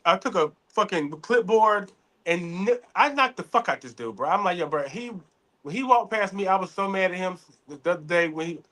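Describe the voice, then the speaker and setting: A man chatting casually as a podcast co-host, telling animated stories full of cursing. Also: sits high, brisk. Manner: animated storytelling, heavy cursing. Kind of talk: casual chat.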